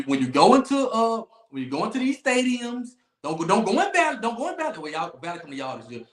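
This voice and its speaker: Animated man ranting about sports. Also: a little high, echoey room. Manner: loud, emphatic trash-talk with repeated phrases and laughs. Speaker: podcast host. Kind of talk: animated sports talk livestream.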